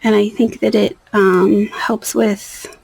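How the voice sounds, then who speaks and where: A woman's voice: medium pitch, little pitch movement, slow, gravelly, husky, low-quality recording. A young woman chatting casually as she does her nails, rambling and trailing off into near-whispers. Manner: rambling, soft-spoken, drifting into near-whispers. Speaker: nail art vlogger. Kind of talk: casual chat.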